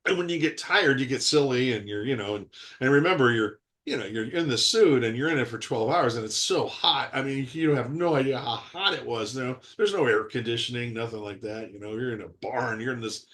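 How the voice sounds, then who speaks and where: An actor in his sixties laughs often as he rambles through animated stories in an interview conducted by video call. His pitch is medium and his delivery a touch quick.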